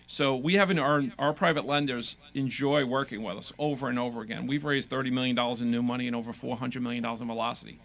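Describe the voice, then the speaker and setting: A man being interviewed as a guest on a radio show, talking about his business with a confident sales pitch. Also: steady tone, fast talker, hardly any pauses, a bit bright. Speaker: guest, real estate investor. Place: radio studio.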